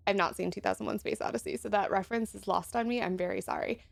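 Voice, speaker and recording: A woman's voice: mid-range voice, fairly even intonation, fast talker, creaky. A young adult woman streaming a game playthrough, giggling, exclaiming and greeting viewers in chat.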